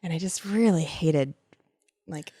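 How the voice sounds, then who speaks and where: A woman's voice: low-pitched, measured pace, slightly rough, no room sound, studio quality. A woman in her thirties co-hosting a podcast, telling stories in casual chat, laughing often and acting out what others said. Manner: animated storyteller, laughs often; acts out quoted speech. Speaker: podcast co-host.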